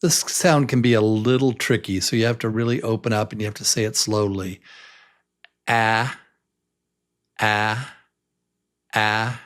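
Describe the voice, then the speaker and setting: A man's voice: fairly low pitch, brisk, hardly any pauses. A man teaching a beginner English pronunciation lesson, patiently repeating each letter sound and inviting the listener to try.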